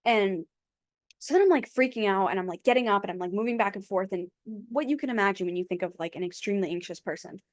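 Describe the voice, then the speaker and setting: A woman's voice: mid-range voice, fast talker, no echo. Chatty young woman, dry close mic. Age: young adult. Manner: chatty, heavy use of "like", frank. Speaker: podcast host. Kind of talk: casual storytelling. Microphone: own mic.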